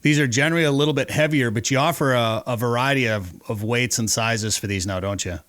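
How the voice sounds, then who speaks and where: A man's voice: medium pitch, quick pace, a bit bright, no echo. A man hosting a fishing show, talking in a chatty, rambling way as he tells stories. His voice sits in an ordinary middle range, and the recording is dry and close with no room sound. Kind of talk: casual interview chat.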